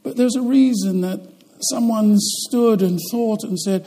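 A male pastor preaching a sermon in a high, husky voice with a mellow warmth. He moves between loud, emphatic declarations and quiet, slow passages.

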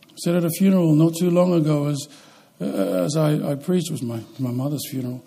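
Husky preacher man with a warm, high voice. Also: fairly even intonation. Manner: preaching with wide swings between loud emphatic lines and quiet slow ones. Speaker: pastor. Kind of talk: sermon.

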